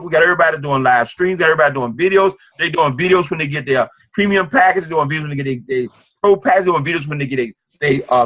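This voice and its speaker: A man leads a motivational business meeting with an emphatic, repetitive drive that recalls a preacher. His voice sits a touch higher than most men's. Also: fairly bright tone. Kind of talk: motivational sales presentation.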